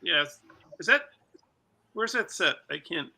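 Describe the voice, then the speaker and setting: A man from Canada with a high, gravelly voice and a very sharp, bright tone. He chats casually, firing off questions and halting when he cannot remember details. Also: animated. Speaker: podcast co-host. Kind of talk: casual chat.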